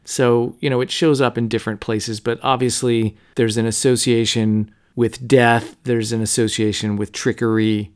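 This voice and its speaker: A man hosting a podcast, talking through a novel in a low-key, conversational way with frequent fillers. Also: level tone, moderate pace, few pauses, clean tone. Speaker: podcast host. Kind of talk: casual book discussion.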